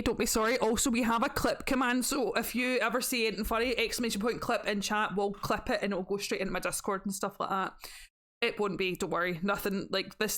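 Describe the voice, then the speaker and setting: A woman's voice: mid-range voice, a bit bright. A Scottish woman streamer chatting casually to her viewers in a playful way, swearing freely. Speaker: variety streamer. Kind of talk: casual live-stream chat.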